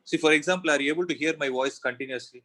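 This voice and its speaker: A man's voice: fairly high pitch, racing, sharp tone, poor audio. A man teaching a physics class, explaining step by step and asking himself questions as he goes. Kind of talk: classroom lecture.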